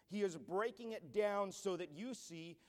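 A man's voice: high-pitched, a little slow. A man pastor preaching a sermon in an earnest style that builds to emphatic declarations. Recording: long church hall reverb.

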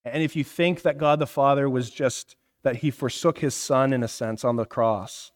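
With a mid-range voice and steady tone, this man in his thirties preaches at a moderate pace. His sermon is interactive and conversational, with questions for the room and regular "right?" check-ins, captured in a reverberant hall.

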